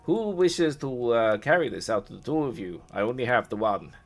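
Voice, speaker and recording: A man voicing a grandiose male vampire lord in a tabletop game, loud and theatrical. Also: expressive, moderate pace, soft background music, close to an everyday voice. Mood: gracious. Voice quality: loud, high and showy.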